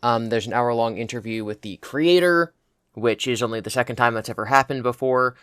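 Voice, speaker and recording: A hoarse young man in his twenties, co-hosting a podcast and telling stories in a chatty way. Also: mid-range voice, brisk, fairly bright tone, no echo. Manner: chatty, tells anecdotes. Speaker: podcast co-host. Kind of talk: casual chat.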